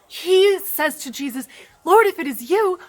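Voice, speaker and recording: A woman's voice: extremely high pitch, expressive, unhurried. A woman playing a chatty female water droplet in a comic children's sermon skit, telling her story with gushing drama. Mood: excited storytelling.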